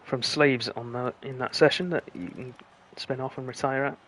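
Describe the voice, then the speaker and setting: A man commentating live on an online racing stream, calling the action in a brisk play-by-play manner. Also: medium pitch, a little hiss or hum. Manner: brisk play-by-play, rising excitement at close finishes. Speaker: lead commentator.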